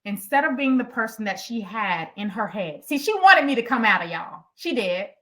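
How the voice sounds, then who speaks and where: A middle-aged woman, an executive coach, telling a story in an animated, emphatic way as she speaks directly to her workshop audience. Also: on the high side, normal speed.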